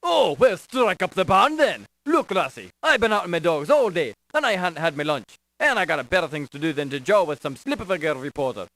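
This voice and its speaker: Gruff Irish desk sergeant, high lively brogue, dismissive. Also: male voice, a little fast, hardly any pauses, heavily acted. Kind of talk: 1990s adventure game voice acting.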